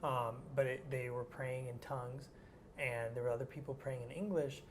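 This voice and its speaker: A man of middle pitch tells a personal story as an interview guest. He talks in an animated, looping way, stacking up "like" and "I was like" as he acts out what he said. A faint hiss sits under the recording. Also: normal speed. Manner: animated, rambling, heavy use of "like".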